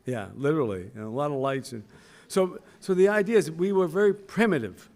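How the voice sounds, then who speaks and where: A man's voice: on the high side, brisk, a little mellow. Older man telling a founding story. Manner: storytelling, self-mocking, acts out quoted voices. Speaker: school founder giving a speech. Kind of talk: anecdotal ceremony speech.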